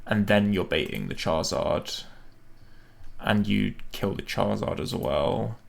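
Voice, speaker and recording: A man's voice: lowish voice, expressive, measured pace, gravelly. A man streaming a video game, thinking aloud and questioning himself as he plans a battle. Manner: musing, self-questioning, hesitant.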